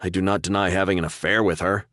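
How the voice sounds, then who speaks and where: A man's voice: lowish voice, fairly quick, fairly bright tone, dry recording, clean studio sound, pitched above the performer's own voice, close to an everyday voice. A man voicing a sarcastic young sergeant prisoner. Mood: weary sarcastic. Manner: sarcastic drawl.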